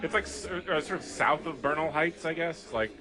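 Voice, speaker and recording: A man's voice: a little high, lively intonation, moderate pace. Joking man chatting in a pub. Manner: joking, teasing. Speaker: podcast co-host. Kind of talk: casual chat. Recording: pub with clear background music.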